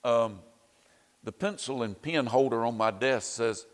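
A man's voice: medium pitch, unhurried, big-room sound. A man preaching a sermon in a conversational way, with wry asides and frequent "you know"s.

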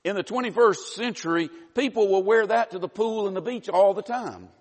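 A man's voice: high voice, normal speed. A man preaching a sermon, teaching in a conversational way with wry asides. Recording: long reverb of a large hall.

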